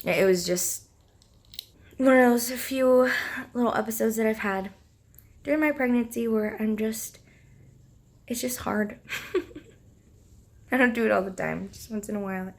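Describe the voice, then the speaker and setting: A woman's voice: on the high side, moderate pace, pauses often. Young woman, casual vlog chat, giggly, lots of fillers, morning voice. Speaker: vlogger.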